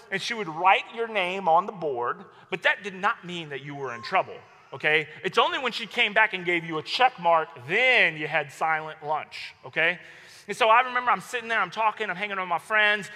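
A male pastor preaching a sermon, telling stories in an animated way and acting out his own outbursts. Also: high voice. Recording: long hall reverb.

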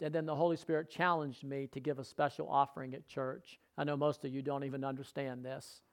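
A man's voice: medium pitch, little pitch movement, brisk, few pauses. A man preaching a sermon, telling his own testimony earnestly, repeating phrases for emphasis and dropping his voice for asides.

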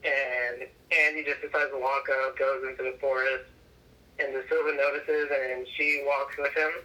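A man's voice: medium pitch, little pitch movement, moderate pace, bright, forceful tone, distant mic, muffled recording. A man co-hosting a podcast, casually retelling a movie plot with lots of fillers and swearing. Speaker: podcast co-host. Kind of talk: casual movie recap chat.

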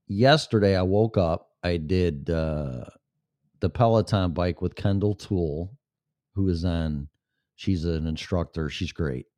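Deep-voiced guy hosting a podcast, sarcastic and swearing, rambling on, dry sound. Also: mellow, dry recording. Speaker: podcast host. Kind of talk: casual live-stream monologue.

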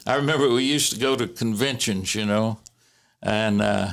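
A man casually telling family stories in a halting way, with many fillers and restarts and the odd chuckle. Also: fairly low pitch, creaky. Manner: chuckles while recalling. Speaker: interviewee recalling family history. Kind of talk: casual storytelling.

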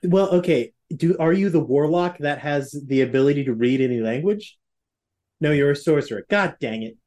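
A man's voice: a little high, lively intonation, moderate pace, a little mellow. A man playing in a tabletop game, cracking jokes in a playful way. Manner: joking, playful. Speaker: player. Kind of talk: casual tabletop game play.

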